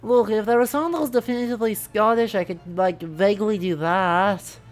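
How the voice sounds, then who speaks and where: A woman's voice: medium pitch, brisk, soft background music. Chatty woman streaming a game. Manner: chatty, rambling, self-correcting. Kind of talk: casual gaming stream commentary.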